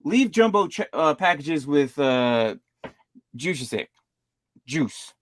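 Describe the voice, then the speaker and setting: A man hosting a casual podcast chat, laughing easily and reading things aloud with halting fillers. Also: fairly high pitch, sing-song, dry recording. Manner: loose, laughing, reads signs aloud haltingly. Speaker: podcast host. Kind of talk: casual chat, reacting to a video.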